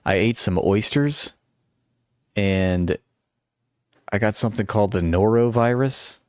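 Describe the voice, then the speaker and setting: A forty-something man chats casually as a livestream host, meandering, putting himself down and restarting frequently. He speaks at a measured pace in a smooth voice on the low side, and the studio-quality recording is dry, made with noise-canceling headphones.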